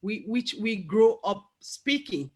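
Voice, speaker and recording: A woman's voice: medium pitch, big pitch swings, takes it slowly, dark tone. A woman with an African accent hosting an interview, chatting in an encouraging and friendly way. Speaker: host. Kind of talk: conversational interview.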